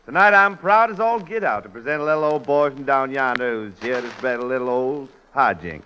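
A man's voice: mid-range voice, lively intonation, very slow, pushed and bright, a little hiss or hum, voice pushed down, heavily acted. A male announcer putting on an exaggerated folksy Southern drawl as a comic yokel. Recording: dull lo-fi 1940s radio broadcast.

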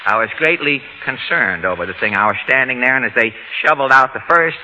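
A man's voice: mid-range voice, expressive, quick pace, sharp tone, highs cut off. Wry man hosting an old radio show. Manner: dry, wry joke-telling. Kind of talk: 1930s radio variety hosting. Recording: hissy old radio broadcast.

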